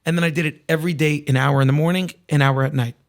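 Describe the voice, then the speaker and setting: A man with a slightly raspy, edgy voice that sits a bit high for a man. He speaks as a singer guest on a podcast, candid and reflective. His sentences often loop back and restart. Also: steady tone, fast talker. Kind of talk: casual interview conversation.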